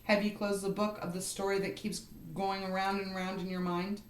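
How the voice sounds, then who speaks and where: A woman's voice: mid-range voice, flat delivery, a little fast, few pauses, echoey room. A woman giving a tarot reading for a star sign, talking straight to the listener in an earnest, encouraging way and often adding "you know" and "right". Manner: repeats herself, with frequent "you know" and "right". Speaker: tarot card reader.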